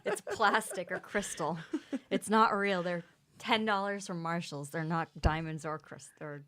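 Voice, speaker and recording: A woman co-hosting a casual podcast, eager and chatty, quick to jump in. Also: lowish voice, steady tone, fairly bright tone. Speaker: podcast co-host. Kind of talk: casual chat.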